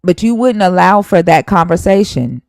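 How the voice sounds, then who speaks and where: A woman's voice: lowish voice, expressive, normal speed, a little mellow, no room sound, low-quality recording. A woman hosting a live stream, arguing heatedly and scolding a viewer while citing scripture verses. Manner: emphatic, scolding, cites scripture.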